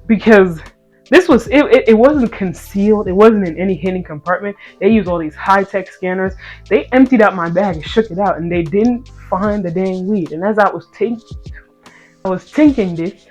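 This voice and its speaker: A speaker in their twenties telling a casual story and then a Bible talk to viewers, animated and playful, swinging between loud outbursts and hushed asides. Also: medium pitch, normal speed. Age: 20s. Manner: playful slangy banter with viewers. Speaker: content creator. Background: faint background music.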